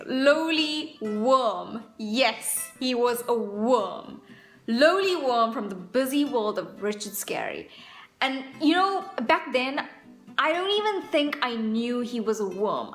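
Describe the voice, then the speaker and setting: Playful young woman vlogging, echoey room. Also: fairly high pitch. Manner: playful, self-mocking, chatty. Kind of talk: casual comic vlog.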